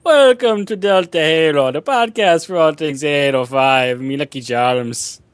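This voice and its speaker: A man's voice: fairly high pitch, a little slow, clear, resonant tone, no room sound, pitched above the performer's own voice, lightly acted. A man doing a hammy mock Irish voice.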